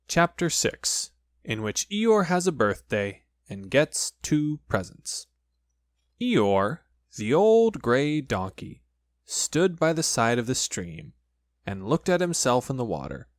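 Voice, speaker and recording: A man reading a children's storybook aloud, with lively, expressive storytelling. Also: mid-range voice, takes it slowly, dry recording, clean studio sound. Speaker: audiobook narrator.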